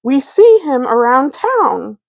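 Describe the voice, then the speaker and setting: Brief: excitable young boy bear cub, quick and high, a woman doing the voice. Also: creaky, no echo, exaggerated voice, rough recording. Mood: lively.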